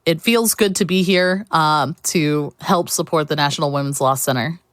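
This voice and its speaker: A woman hosts a live charity speedrun marathon with a lowish voice. She keeps up an upbeat, chatty flow as she reads out donations. The sound is dry and close, with no room around it. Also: moderate pace, dry recording. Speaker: marathon host. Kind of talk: live charity stream hosting.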